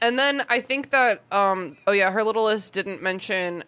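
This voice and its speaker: A woman co-hosting a podcast, reading listener mail aloud in a giggly, animated casual chat. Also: mid-range voice, normal speed, clear, resonant tone.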